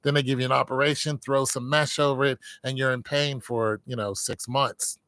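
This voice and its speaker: A man's voice: mid-range voice, steady tone, moderate pace, fairly bright tone, no echo, studio quality. A middle-aged man, a military veteran, talking casually and candidly to his viewers, rambling with many fillers.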